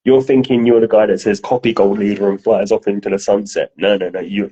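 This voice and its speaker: Deep husky man chatting animatedly. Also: brisk, low-quality recording. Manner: animated, swearing, storytelling. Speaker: podcast co-host. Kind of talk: casual chat.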